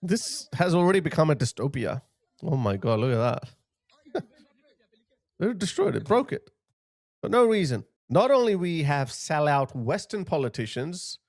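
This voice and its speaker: A man's voice: on the high side, darkish tone, no room sound, clean studio sound. A man hosting a commentary video, ranting in a heated, scornful way and repeating short jabs. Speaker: commentary channel host.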